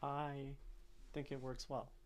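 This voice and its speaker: Slow, clear-voiced man thinking aloud. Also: mid-range voice, flat delivery. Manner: slow, thinking aloud, reading verse lines aloud. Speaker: streamer analyzing poetry. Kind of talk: casual poetry analysis on a live stream. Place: streaming room.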